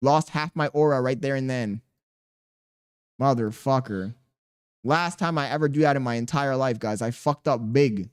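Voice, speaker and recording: A man's voice: mid-range voice, moderate pace, pauses often, smooth. A man live streaming, reading his chat aloud and bantering back in profane, slangy talk. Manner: slangy and animated.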